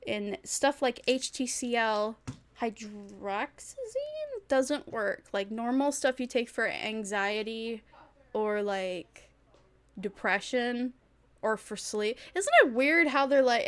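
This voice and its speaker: A woman's voice: a little high, takes it slowly. A woman VTuber chatting casually on a livestream, rambling and thinking aloud with frequent giggles. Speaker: VTuber streamer.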